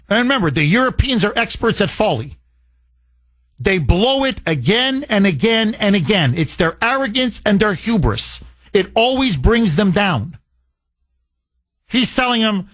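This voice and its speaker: A man's voice: high voice, fairly bright tone. A man hosting a talk radio show, delivering an emphatic monologue and repeating points for force.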